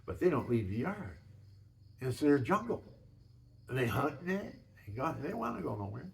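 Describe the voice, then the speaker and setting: A man's voice: medium pitch, sing-song, normal speed, gravelly. Older man rambling through folksy stories. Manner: rambling, folksy, many restarts. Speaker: home video maker. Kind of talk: casual storytelling.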